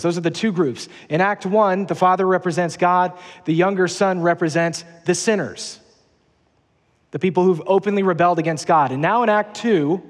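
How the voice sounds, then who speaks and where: A man's voice: fairly high pitch, in a large hall. A man preaching a sermon as pastor in a large church auditorium, earnest and emphatic, repeating his key phrases.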